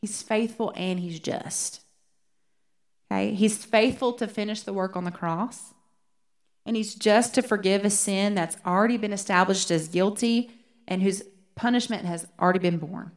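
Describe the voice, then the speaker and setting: A woman teaching a Bible study, rereading verses slowly and earnestly. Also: medium pitch.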